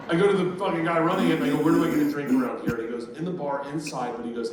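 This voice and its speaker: A man's voice: fairly high pitch, lively intonation, quick pace. A man in his fifties doing stand-up, telling a profane, rowdy story and laughing through it, recorded live. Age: 50s. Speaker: stand-up comedian. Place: live comedy venue, audience laughter. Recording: echoey distant room recording with noise.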